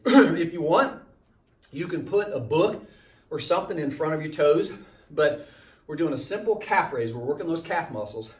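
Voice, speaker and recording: A man's voice: a little high, recorded from a distance. Slightly winded male fitness trainer, echoey room. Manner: coaching, repetitive cues, demonstrating as he talks. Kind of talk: workout instruction while exercising.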